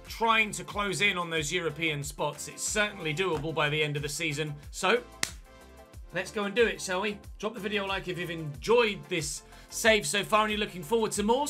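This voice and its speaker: A man's voice: high voice, fairly quick, pushed and bright, faint music behind. A young man hosting a football video game series, giving chatty commentary like a match commentator and correcting himself as he goes. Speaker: gaming channel host. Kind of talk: casual let's-play commentary.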